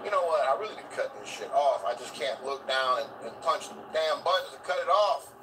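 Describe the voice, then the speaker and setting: A man ranting loudly and profanely on a live stream while driving, with sudden yelling bursts. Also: a little high, animated, fairly quick, distant mic, noisy background. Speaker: commentary streamer. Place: driving in a vehicle. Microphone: phone in hand.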